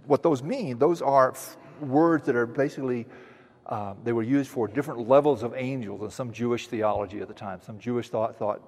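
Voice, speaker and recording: Male pastor, mid-pitched voice, earnest expository preaching, long hall reverb. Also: fairly even intonation, darkish tone. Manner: earnest teaching, with frequent restarts and slow emphatic quotes. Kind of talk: expository sermon.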